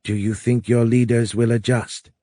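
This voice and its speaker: A man voicing a calm, wise alien woman with a foreign accent, speaking slowly and explaining patiently in an audiobook. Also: medium pitch, no room sound, studio quality, pitched above the performer's own voice, natural voice. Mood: tender. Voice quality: foreign accent, soft raised voice. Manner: slow, measured, explanatory.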